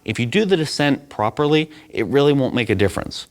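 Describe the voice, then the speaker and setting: A man's voice: medium pitch, animated, fairly quick. A young man coaching a lift, explaining it step by step and often checking in with "right?". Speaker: strength coach. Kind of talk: instructional demonstration.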